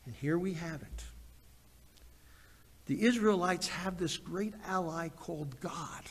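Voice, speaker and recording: A man delivers a sermon in a high, unhurried voice. He swings from ringing emphasis to hushed, almost whispered asides. His words trail off into the long reverb of a big hall. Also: husky. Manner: animated preaching, swings from loud to hushed. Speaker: pastor.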